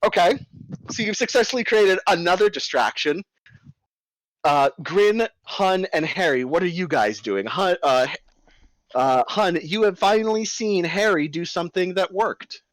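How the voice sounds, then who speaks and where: A man narrating a tabletop role-playing game as game master, his voice rising and falling in lively swings. He sits close to a dry mic with no room echo, and plays the scene out with sound effects. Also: high-pitched, unhurried.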